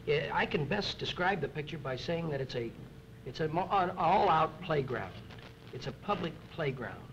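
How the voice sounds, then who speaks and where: A man who is a film actor telling rambling anecdotes at a press interview, halting with many fillers and acting out other people's lines. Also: mid-range voice. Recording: noisy 1960s archive recording.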